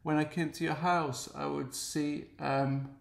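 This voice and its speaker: A man's voice: a little high, little pitch movement, a little slow, vocal fry, reverberant. An English man with an earnest, heartfelt and pleading manner, speaking straight to the camera in a personal video message.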